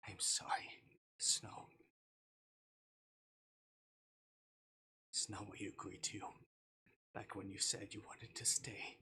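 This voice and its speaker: Whispering remorseful fae captor. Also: male voice, fairly low pitch, flat delivery, a little slow, creaky, husky, full character voice. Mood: possessive. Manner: formal, hushed, apologetic. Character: remorseful soft-spoken male fae captor. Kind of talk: whispered role-play.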